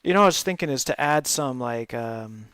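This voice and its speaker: A man's voice: medium pitch, animated, normal speed, fairly bright tone, clean tone, no echo, clean studio sound. A man chatting casually while streaming a building game, laughing often and filling his talk with lots of ums. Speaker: live gaming streamer.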